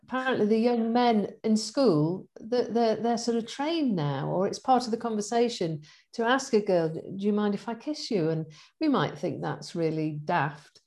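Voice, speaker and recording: A middle-aged woman in casual conversation, chatty and animated, laughing often as she talks about her events. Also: medium pitch, moderate pace. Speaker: event organizer and guest.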